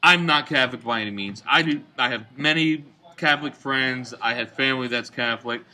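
A man's voice: mid-range voice, fairly quick, sharp tone. A man co-hosting a casual bar-talk show, rambling and profane while giving his opinions. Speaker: podcast co-host.

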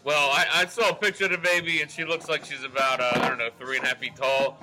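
A man's voice: fairly high pitch, little pitch movement, fast, pushed and bright, rough recording. A man co-hosting a casual bar podcast, dropping in joking remarks. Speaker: podcast co-host.

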